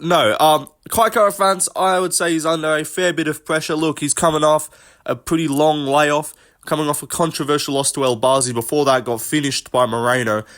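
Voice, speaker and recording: A man's voice: medium pitch, a bit bright. A man giving casual solo commentary on fights, blunt and profane in his banter. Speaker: MMA commentator.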